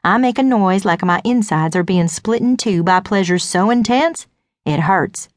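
Woman reading first-person fiction, sly and deadpan, medium pitch, dry studio sound. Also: normal speed, dry recording. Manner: wry, knowing, deadpan asides. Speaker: audiobook narrator. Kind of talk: first-person audiobook narration.

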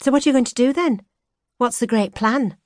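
Narrator lady doing a young yorkshire woman, higher bright voice, teasing and idealistic, dry studio sound. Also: very animated, no echo. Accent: soft Yorkshire. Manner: teasing, idealistic, quick to mock. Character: young Yorkshire woman graduate, earnest and sharp-tongued. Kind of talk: audiobook character voice.

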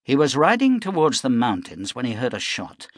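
A man narrating an audiobook in measured, dramatic storytelling. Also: mid-range voice, wildly swooping pitch, no echo, studio quality. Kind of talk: scripted narration.

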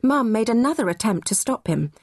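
A woman narrating a children's novel as an audiobook, in measured, expressive storytelling. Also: on the high side, breathy edge, dry recording, clean studio sound.

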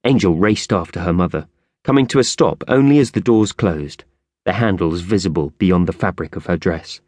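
A man narrating a children's audiobook with expressive storytelling. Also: deep voice, moderate pace, dry recording. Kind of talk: scripted narration.

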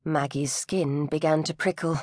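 A woman's voice: mid-range voice, lively intonation, a little slow, no room sound. Woman narrating a novel in a dry studio. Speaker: audiobook narrator. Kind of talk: scripted narration.

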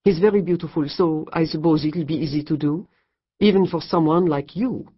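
A woman's voice: sits low, moderate pace, breathy edge, muffled recording. A woman voicing an imperious French woman in her late fifties, blunt and unimpressed, in an audiobook. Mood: haughty.

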